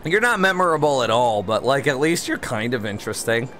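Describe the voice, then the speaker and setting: A man streaming a city-building game who reads chat aloud and answers with dry, teasing replies. He is one beer in and a little loose. Soft game music plays faintly under his voice. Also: mid-range voice, sing-song, a little fast, hardly any pauses. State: one beer in, slightly tipsy. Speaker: livestream gamer host. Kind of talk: casual livestream chat.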